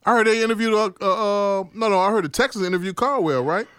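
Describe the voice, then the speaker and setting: A man in a casual group chat, bantering quickly and prompting the others with short questions. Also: high-pitched, a bit bright, clear, resonant tone, no echo, clean studio sound.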